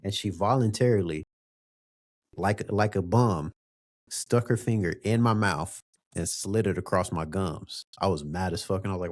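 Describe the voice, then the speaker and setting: A young man co-hosting a podcast, telling an animated story with plenty of swearing and slang. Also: low-pitched, normal speed. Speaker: podcast co-host. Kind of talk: casual chat.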